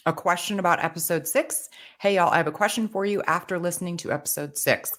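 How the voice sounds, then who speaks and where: A woman co-hosting a podcast, reading out a listener's email in an even voice. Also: on the low side, fast. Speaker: podcast co-host.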